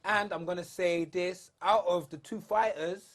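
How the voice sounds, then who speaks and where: A man appearing as a guest boxer on a talk show, speaking in a measured, plain way. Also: high-pitched, fairly even intonation. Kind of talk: casual studio chat.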